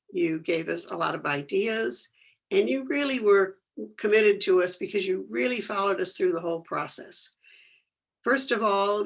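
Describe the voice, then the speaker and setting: A very gravelly, husky voice delivers an earnest, appreciative tribute at a steady mid pitch. The speaker sounds like a former committee chair reading prepared thanks.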